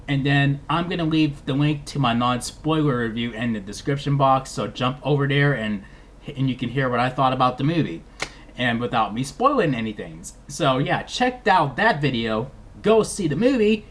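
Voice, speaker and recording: A man giving a casual movie review vlog, rambling and animated, with lots of restarts. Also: mid-range voice.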